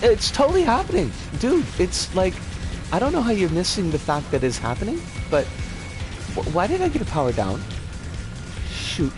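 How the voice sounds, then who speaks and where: Animated streamer chatting over game music. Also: medium pitch, moderate pace, long pauses. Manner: chatty, self-correcting, reads chat aloud; frequent stammered restarts and mild swearing. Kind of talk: live game stream commentary.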